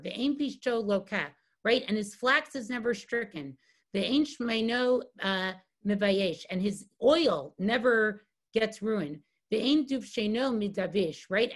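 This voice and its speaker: A woman giving a Talmud lesson as a guest teacher, reading Aramaic lines and translating them, tagging many sentences with "right?". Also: on the high side. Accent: Hebrew and Aramaic phrases read with Ashkenazi pronunciation. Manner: reads Hebrew and Aramaic text, then translates it, with frequent "right?" tags. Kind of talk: lecture on Talmud text.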